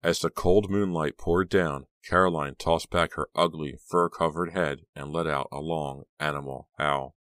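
Very deep-voiced male horror narrator. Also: no echo, studio quality. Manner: steady measured storytelling. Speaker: audiobook narrator.

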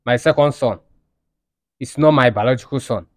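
A man's voice: mid-range voice, normal speed, dry recording, studio quality, natural voice. A Nigerian man acting a heartbroken, outraged husband in a comedy skit, with a wailing, threatening manner. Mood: aggrieved.

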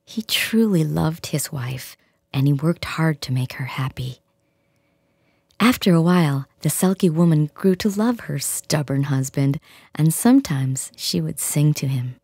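A woman reading a fairy tale aloud in a gentle, hushed storytelling manner, with a soft, breathy, near-whispered delivery. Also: low-pitched, unhurried, no room sound, studio quality. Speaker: audiobook reader. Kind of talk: storybook narration.

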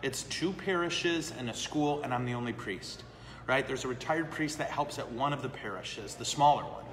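A man's voice: mid-range voice, normal speed, fairly bright tone, a little hiss or hum. A man, a priest, chatting casually and answering questions live, self-deprecating and laughing often. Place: brewery. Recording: echoey room with long reverb.

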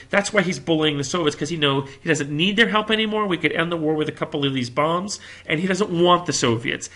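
A man from the United States giving a classroom history lecture with animated storytelling. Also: fairly high pitch. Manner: animated storytelling, acts out quotes. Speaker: history teacher.

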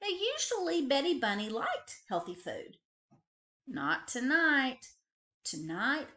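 A librarian woman reading a picture book aloud with expressive, animated storytelling. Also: high-pitched, slow.

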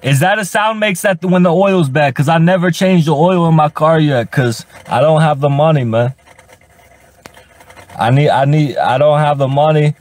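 A man's voice: on the high side, normal speed, a little mellow. Man streaming from his car. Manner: frustrated, profane, stammers and repeats words. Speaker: livestreamer. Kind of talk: rambling live stream to chat. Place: inside a parked car.

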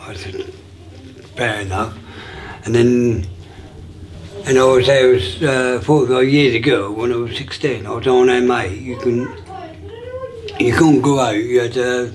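A man in his sixties recounts his life story casually and haltingly, full of restarts and fillers, acting out dialogue he remembers. His voice is mid-range, with a little hiss or hum in the background.

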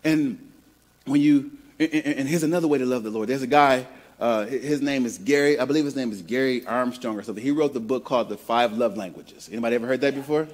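A man from the American Midwest preaching a sermon in an easygoing, conversational way. He doubles back on his words and repeats phrases as he works toward a point. His voice sits at a middle pitch for a man. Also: fast, a little mellow. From Midwest of the United States. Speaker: pastor.

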